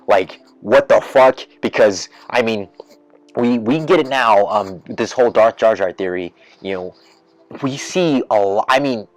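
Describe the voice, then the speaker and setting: A man with a lowish voice holds forth on his podcast in a loose, rambling rant. He circles back over his points with plenty of fillers and false starts. His energy climbs and his voice gets louder whenever an idea takes hold. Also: no room sound. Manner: rambling, heavy with fillers and restarts; grows excited and loud when imagining twists. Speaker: podcast host. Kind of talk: casual rant.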